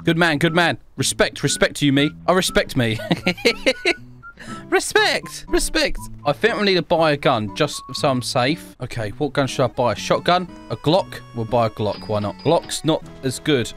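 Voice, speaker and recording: A man's voice: a little high, sing-song, moderate pace, fairly bright tone, soft background music. A man giving joking gameplay commentary in voice chat, playful and teasing, laughing often. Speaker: gaming YouTuber.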